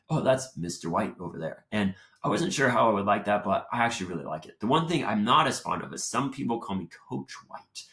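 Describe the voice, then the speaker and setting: A young adult man hosting his own show, talking casually and lively, acting out his own thoughts as he goes. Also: mid-range voice. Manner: chatty, animated, acts out his own thoughts. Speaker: show host. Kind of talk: casual solo talk. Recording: roomy echo.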